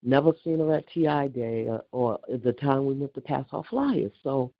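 An older woman on a casual phone call, telling an animated, indignant story and acting out the back-and-forth of what was said. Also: a bass voice, normal speed, dry recording. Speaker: caller.

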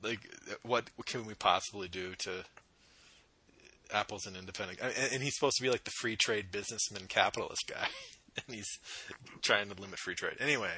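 A man hosting a casual podcast, wry and quick to laugh, running through stats and opinions. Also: lowish voice, pushed and bright, slightly rough. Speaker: podcast host. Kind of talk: casual sports and politics chat. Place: home with dogs.

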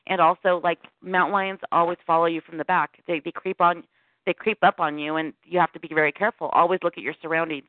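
A middle-aged woman, a guest on a call-in interview, recounting a personal encounter in an animated way and acting out what people said. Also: lowish voice, fast, dry recording. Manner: animated storytelling with quoted dialogue. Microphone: phone call. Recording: tinny phone line.

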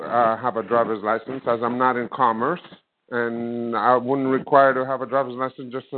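A man's voice: medium pitch, no room sound. Man in his fifties, rambling storyteller, lots of fillers, dry tinny phone sound. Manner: rambling, many fillers, acts out both sides of a conversation. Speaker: caller. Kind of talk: casual storytelling. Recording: dry phone-line audio.

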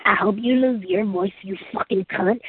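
A woman on a chat line shouting streams of profane insults in short bursts. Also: medium pitch, moderate pace, slightly rough, no echo. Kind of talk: ranting profane abuse. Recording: tinny phone line with loud music.

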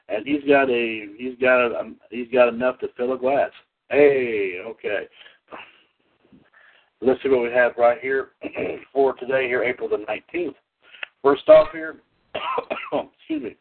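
A man from the North Carolina area hosting a radio show in a folksy, chatty manner, reading wrestling history. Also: mid-range voice. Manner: folksy, chatty, coughs and clears throat, lively. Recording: tinny phone-line audio.

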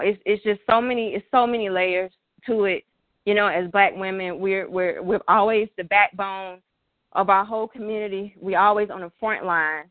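A young woman talks from the heart in a halting, emotional way, often pausing to collect herself and sounding close to tears. The sound is thin and phone-like, and the room is dry and close. Her pitch sits in an ordinary middle range. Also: no echo. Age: 20s. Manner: heartfelt, halting, many fillers. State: tearful, emotional. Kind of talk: emotional personal talk.

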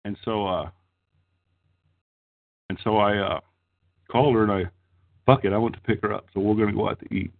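A middle-aged man spins a long, crude yarn, swearing constantly. His voice is husky and a little rough. It sounds thin and boxy, as if heard over a phone line. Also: lowish voice, fairly even intonation, normal speed, pauses often. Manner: profane, rambling, laughs mid-story. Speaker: storyteller on a podcast. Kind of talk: crude casual storytelling.

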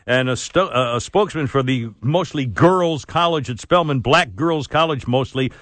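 A man hosting a talk radio show, telling rambling anecdotes with frequent laughter and mock outrage, clearing his throat now and then. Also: medium pitch, normal speed, a bit bright, no room sound. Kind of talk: casual talk radio banter. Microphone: studio broadcast mic.

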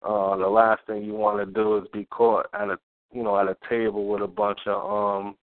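A man calling in to a chat show, speaking haltingly with fillers and dry chuckles. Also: fairly low pitch, level tone, no echo. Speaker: caller. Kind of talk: casual call-in chat. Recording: dry phone-like call audio.

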